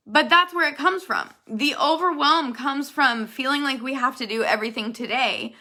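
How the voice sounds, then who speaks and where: A woman's voice: sits high, moderate pace, few pauses, sharp tone. A woman giving an earnest, direct motivational talk to her network marketing team, speaking straight to her viewers. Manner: earnest, direct, addresses viewers as "you guys". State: emotional, near tears at times.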